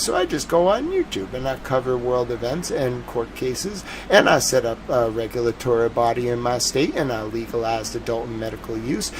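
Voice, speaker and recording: A man with a Boston accent, a live news streamer talking casually to his chat in a soft, drawling way with lively swoops in pitch. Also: noisy background. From New England.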